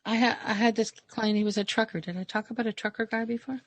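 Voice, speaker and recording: A woman naturopathic doctor telling lively stories in a casual podcast chat, acting out the people she quotes. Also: a little high, fast talker, no echo.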